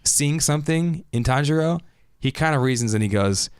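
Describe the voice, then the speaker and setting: A man's voice: medium pitch, fairly even intonation, normal speed, a little mellow, clean tone, no room sound, studio quality. A man co-hosting a podcast in casual chat, animatedly acting out quotes. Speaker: podcast co-host.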